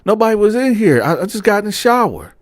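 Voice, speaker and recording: A man's voice: sits high, very animated, quick pace, dry recording, clean studio sound, pitched above the performer's own voice. A man putting on a stammering, timid old inmate. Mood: flustered. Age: older. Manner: stammering, apologetic, pleading. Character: timid older male inmate, apologetic and meek.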